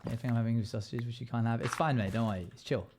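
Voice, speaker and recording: A man's voice: mid-range voice, steady tone, fast talker, background noise. A man chatting casually with his live stream viewers, playful and joking with frequent laughter. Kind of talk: casual livestream chat.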